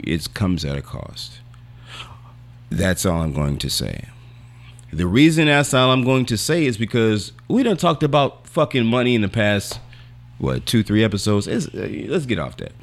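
A man's voice: deep voice, vocal fry. A young man co-hosting a podcast in casual, slangy, rambling chat while losing his voice. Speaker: podcast co-host.

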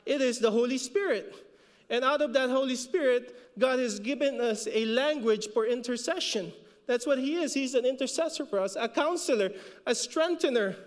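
High-voiced Filipino pastor in a reverberant hall. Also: male voice, normal speed. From Philippines. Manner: repeats words for emphasis, rises in pitch when exhorting. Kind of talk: sermon.

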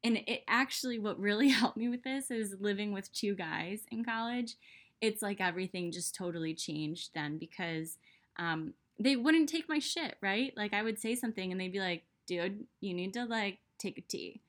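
A woman's voice: mid-range voice, expressive, normal speed, a bit bright. Chatty young woman talking self-growth. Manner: chatty, many "like" fillers. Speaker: self-development podcaster. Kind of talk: casual monologue.

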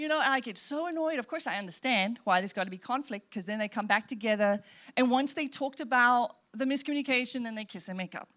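A woman pastor preaching an expressive sermon, shifting between soft, tender passages and emphatic ones. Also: fairly high pitch, quick pace.

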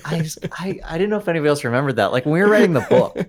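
A man's voice: a little high, expressive, rapid-fire. A man co-hosting a comedy podcast in casual chat, telling stories animatedly and laughing often. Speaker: podcast co-host.

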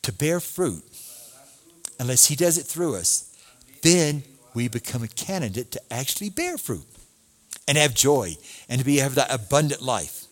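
A man's voice: mid-range voice, moderate pace. A man preaching a sermon as a pastor, reading scripture aloud and asking his listeners questions. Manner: animated preaching, reads scripture aloud, asks the congregation questions.

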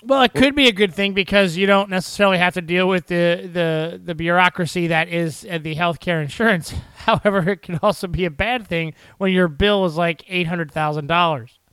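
A man's voice: sits high, brisk, a bit bright, clear, resonant tone, no room sound. A man co-hosting a podcast in casual chat, asking questions and joking. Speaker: podcast co-host.

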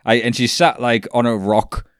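A man chatting casually as a podcast co-host, animated and swearing freely, laughing at his own jokes. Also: medium pitch, moderate pace, smooth, no echo, clean studio sound. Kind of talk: casual chat.

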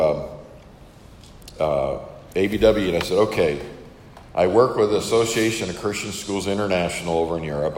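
A man's voice: deep voice, darkish tone, roomy sound, big-room sound, slight background noise. An older man who is a missionary, casually telling a story to an audience and acting out the dialogue. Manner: casual, chatty, acts out quoted dialogue.

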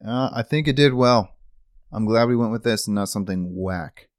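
A man's voice: fairly low pitch, moderate pace, dry recording, studio quality. A young man co-hosting a podcast, chatting casually and rambling in a jokey way about a movie. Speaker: podcast co-host. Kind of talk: casual chat, movie review.

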